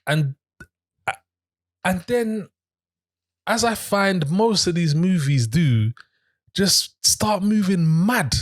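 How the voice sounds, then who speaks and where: A young man, co-hosting a film review show, who talks in a rambling, halting way. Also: sits high, animated. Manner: rambling, halting, full of restarts. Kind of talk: casual chat.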